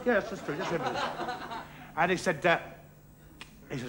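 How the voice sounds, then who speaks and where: A man doing a stand-up comedy routine on a theatre stage, with a bumbling, halting delivery and a giggling laugh. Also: sits high, big pitch swings. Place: theatre stage before a live audience. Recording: archive stage recording with loud audience laughter and hiss. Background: audience laughter.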